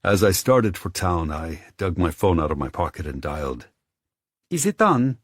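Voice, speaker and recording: Deep husky male narrator, dry studio. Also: normal speed, no echo. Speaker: audiobook narrator. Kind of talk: scripted narration.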